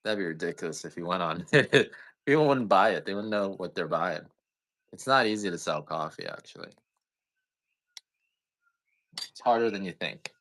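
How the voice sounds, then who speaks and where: A man's voice: sits low, lively intonation, normal speed, pauses often, fairly bright tone. A man chatting casually while selling coffee on a live stream, rambling, joking and swearing now and then. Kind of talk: casual live-sale chat.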